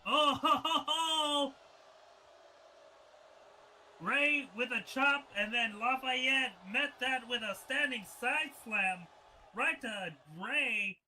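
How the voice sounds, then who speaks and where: A man calling a wrestling match play-by-play, who laughs and breaks into shouts at the big moves and chats loosely between them. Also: very high-pitched, takes it slowly, slight background noise, poor audio. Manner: chatty, many fillers and restarts. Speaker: wrestling commentator. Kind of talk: live play-by-play commentary.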